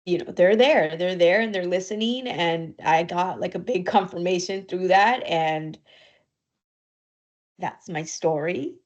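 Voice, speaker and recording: A woman co-hosting a podcast, telling a personal story in an emotional, halting way, near tears. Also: lowish voice, dull audio. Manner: emotional, halting, with fillers and soft laughs. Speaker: podcast co-host.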